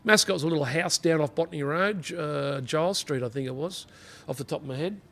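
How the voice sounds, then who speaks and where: Rambling Australian ex-cop telling stories. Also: male voice, a little high, fast, vocal fry, fairly bright tone. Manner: blokey, rambling anecdotes with frequent "you know". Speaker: interview guest, former police officer. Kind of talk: casual storytelling interview.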